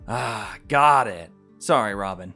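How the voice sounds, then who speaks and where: A man's voice: fairly low pitch, normal speed, faint music behind, close to an everyday voice. A man reading a visual novel aloud, voicing a big, clumsy, hot-tempered male bear who blusters and then turns sheepish. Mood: meek.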